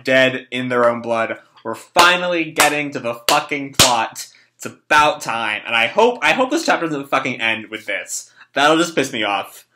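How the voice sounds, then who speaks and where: A man's voice: medium pitch, sharp tone. A young man reading and reacting to a manga chapter in casual, rambling talk with swearing and lots of fillers.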